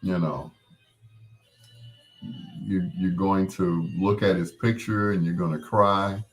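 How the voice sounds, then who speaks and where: A middle-aged man hosting a casual talk show, gently consoling a grieving listener in a meandering way with frequent restarts. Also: sits low. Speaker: host.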